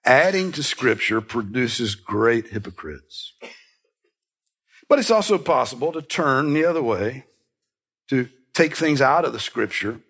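A man's voice: medium pitch, lively intonation, a little slow, fairly bright tone, slightly rough. A man preaching a sermon, earnest and emphatic, repeating key phrases and dropping into conversational asides. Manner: conversational asides and self-corrections. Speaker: pastor.

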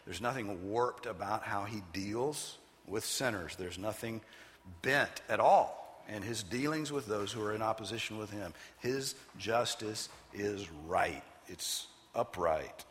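A man preaching an expository sermon, teaching with an emphatic, measured cadence. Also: lowish voice, a bit bright, in a large hall, a little hiss or hum.

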